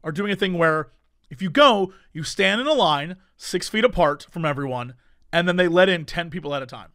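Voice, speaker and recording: A man co-hosting a podcast, telling a story in casual chat with animated swings between loud bursts and mumbled asides. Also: high voice, fairly quick, no echo, studio quality. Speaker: podcast co-host.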